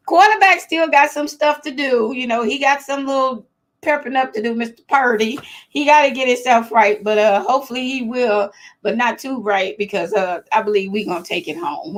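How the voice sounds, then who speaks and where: A woman hosting a casual live chat from home, chatty and excitable, laughing often and talking straight to her viewers. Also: fairly high pitch. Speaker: host of a live chat show.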